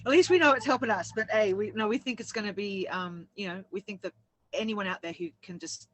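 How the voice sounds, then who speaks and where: Casting: chatty co-host woman, bright tone, dry close sound, rambling and laughing often. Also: medium pitch, brisk, dry recording, poor audio. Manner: rambling, laughs through her story. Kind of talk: casual chat.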